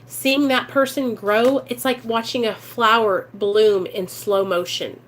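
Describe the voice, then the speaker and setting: Recovery vlogger, woman, Midwestern American accent, high voice, emotional and direct, casual live chat. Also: fairly even intonation, measured pace, slight background noise. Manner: earnest, emotional, talks straight to viewers.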